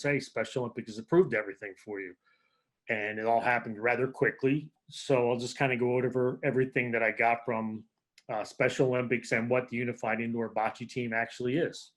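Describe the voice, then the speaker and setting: A special education teacher presenting to a school board over a video call, in a casual, rambling way. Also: male voice, medium pitch.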